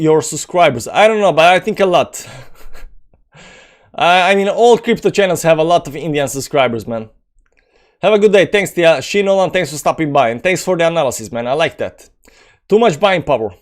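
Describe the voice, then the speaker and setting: Balkan-accented man, slightly high voice. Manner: rambling, filler-heavy, reads comments aloud and answers. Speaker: crypto channel host. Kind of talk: live-stream chat reading.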